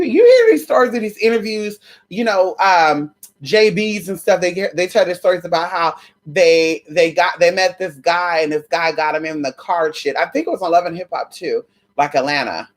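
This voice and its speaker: A sassy woman vlogger telling a story straight to her viewers. She talks in an animated, casual way and swears freely. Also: sits low.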